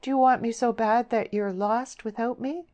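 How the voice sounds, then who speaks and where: A tender, proud young countrywoman with rustic dialect speech, pitched well above the reader's own low voice, as a woman reads her part. She pleads earnestly and sounds torn, with a lifted, brighter tone. Storybook audiobook delivery. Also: measured pace, close to an everyday voice.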